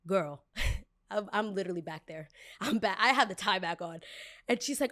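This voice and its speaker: A woman's voice: medium pitch, no echo, clean studio sound. Sassy young woman telling a story. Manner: animated, sassy, dramatic retelling with quick bursts. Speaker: podcast host. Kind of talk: casual storytelling.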